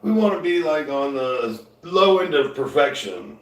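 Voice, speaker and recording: A man chatting casually to viewers as a musician, a loud talker who rambles and restarts his sentences. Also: on the high side, animated, a little slow. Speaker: musician streaming live. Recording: roomy sound, mic at a distance.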